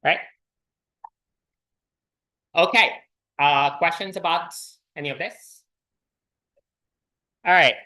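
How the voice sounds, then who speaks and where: This man's voice is a little high, and he talks at a slow pace with frequent pauses. He's giving a university programming lecture in a lecture hall, speaking loosely with lots of "uh"s and restarts in a relaxed manner.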